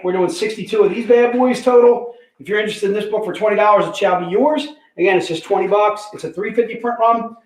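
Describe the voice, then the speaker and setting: A man hosting a casual livestream sales pitch, chatty, repeating prices and item numbers, calling viewers "dude". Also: echoey room, poor audio.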